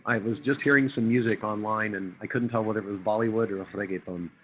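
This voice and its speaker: A man with a hoarse, husky voice from a chest cold, giving a university lecture in a chatty, joking way and quizzing the class. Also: on the low side, steady tone, fast, narrow, tinny audio, slight background noise. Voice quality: husky radio voice. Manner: conversational, jokey, quizzes the class.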